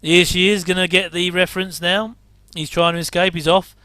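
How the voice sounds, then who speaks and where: Middle-aged guy rambling thru a watch-along, bright and crisp, dry close mic. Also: sits high, little pitch movement, fairly quick, dry recording. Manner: chatty, rambling asides, wry jokes and chuckles. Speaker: commentator reacting to an old TV episode. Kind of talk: casual watch-along commentary.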